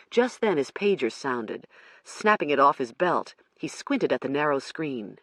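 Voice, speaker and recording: An audiobook narrator reading a first-person crime thriller in a measured storytelling manner. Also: medium pitch, animated, a bit bright, no echo.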